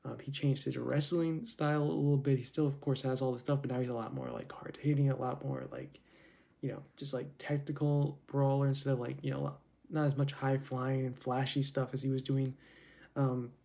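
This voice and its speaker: A man's voice: medium pitch, level tone, moderate pace, vocal fry, dark tone. A man hosting his own show, talking casually and rambling with many fillers and restarts. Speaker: wrestling commentary host. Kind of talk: casual solo wrestling opinion talk.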